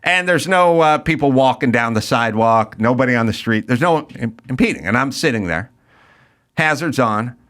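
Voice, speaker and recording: A man's voice: medium pitch, moderate pace. A male podcast host telling a rant-filled story in casual chat, acting out the people in it. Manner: animated, ranting, acts out quotes.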